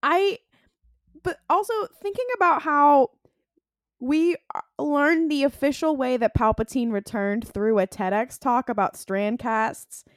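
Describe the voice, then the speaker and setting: A woman's voice: high-pitched, a little slow, no room sound, clean studio sound. A woman co-hosting a casual podcast, rambling and hesitant, trailing off with fillers. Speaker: podcast co-host.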